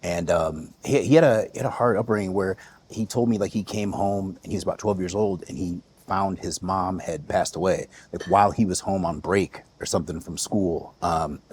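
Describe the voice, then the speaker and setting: A man in his forties, a podcast guest, telling family stories in a relaxed way with plenty of fillers. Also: low-pitched, moderate pace, a little hiss or hum. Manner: relaxed, storytelling with many fillers and restarts. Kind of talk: reflective interview storytelling.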